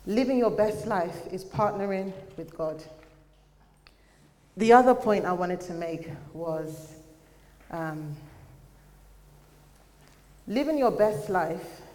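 A woman's voice: mid-range voice, a little mellow. Woman preaching in an echoey church hall. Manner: earnest, conversational preaching with fillers. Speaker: church speaker. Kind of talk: sermon.

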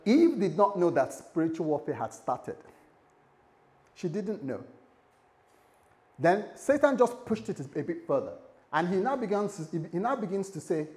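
A male pastor delivering a sermon in an animated storytelling manner, breaking off for asides to the congregation. His voice sits fairly high and swings widely in pitch. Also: unhurried, long pauses.

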